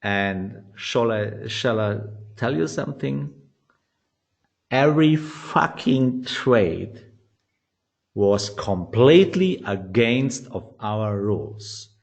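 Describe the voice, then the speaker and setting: A man's voice: lowish voice, slow, vocal fry. A man teaching trading, telling a blunt story with swearing and acted-out quotes in English. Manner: blunt, swears, animated, quotes others in shifting voices. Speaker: trading educator. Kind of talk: storytelling lecture.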